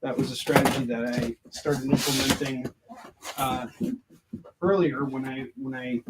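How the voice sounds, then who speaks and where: A man's voice: medium pitch, steady tone, measured pace, background noise. A man from the United States who creates comics, chatting casually and joking on a livestream Q&A while he counts stock aloud.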